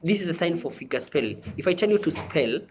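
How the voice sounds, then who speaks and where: With a slightly high, animated voice and a fast delivery, a Kenyan man teaches a sign language lesson on TV against a noisy background. He tends to repeat himself and regularly makes sure his viewers understand.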